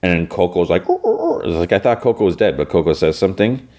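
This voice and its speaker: A male podcast host casually recapping an episode, rambling loosely with lots of fillers and quick snatches of character voices. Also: low voice, darkish tone. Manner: rambling, loose, full of "you know" and "whatever", briefly mimicking characters.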